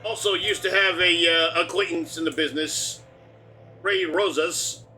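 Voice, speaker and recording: A man's voice: on the high side, fairly even intonation, measured pace, bright, forceful tone, soft background music. A man streaming a game live, rambling and joking as he talks through the on-screen prompts. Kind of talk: casual live game commentary.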